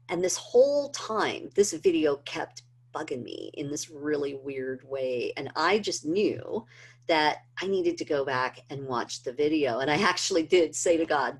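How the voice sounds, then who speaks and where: A middle-aged woman presenting a health training video gives an earnest personal testimony, filled with fillers as her emotion builds. Her deep voice is husky with a slightly bright edge.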